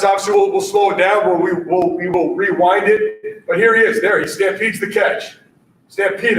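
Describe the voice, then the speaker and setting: Male basketball coach presenting at a conference, high voice, punchy catchphrase delivery, echoey distant room mic. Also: slight background noise. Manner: energetic, punchy, repeats catchphrases, keeps asking "all right?".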